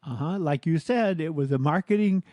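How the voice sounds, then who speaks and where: Supportive, high-voiced man co-host. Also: normal speed, a little mellow, no echo. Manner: supportive, affirming listener. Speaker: podcast co-host. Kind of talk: casual podcast conversation.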